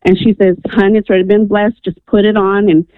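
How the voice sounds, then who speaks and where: A woman's voice: mid-range voice, little pitch movement, fairly quick, no echo. A woman from New Mexico tells a personal story as a caller on a call-in radio show. She speaks earnestly and with animation, and she acts out the people in her tale. Her voice comes through a narrow, tinny phone line and sounds dry. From New Mexico, USA.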